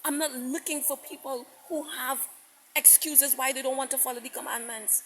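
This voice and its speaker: A woman's voice: high-pitched, little pitch movement, a little fast, a bit bright, a little hiss or hum, low-quality recording. A woman preaching a sermon message with passion, repeating herself, stammering into restarts and quoting God at length. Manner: impassioned, repetitive, quotes God at length.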